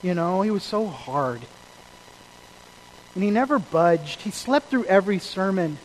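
A pastor preaching to his congregation in a high-pitched man's voice. He tells stories earnestly, pushing some lines out loud and dropping others to quiet asides. A faint noise sits under the recording. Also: lively intonation, a little slow, low-quality recording. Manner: earnest storytelling, swings between loud emphasis and quiet asides. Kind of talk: sermon.

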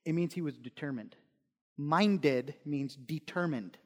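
A man preaching a sermon as pastor, swinging between emphatic, repeated points and quiet conversational asides. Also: fairly high pitch, a little slow. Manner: repeats key phrases for stress. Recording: long reverb in a large hall.

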